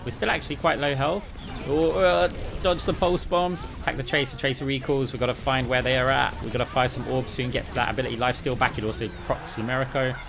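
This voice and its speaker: A man narrates his own gameplay in a quick, excited play-by-play, tossing asides to his viewers. His voice sits at a middling pitch. Game music plays clearly underneath. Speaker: gaming YouTuber. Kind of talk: gameplay commentary.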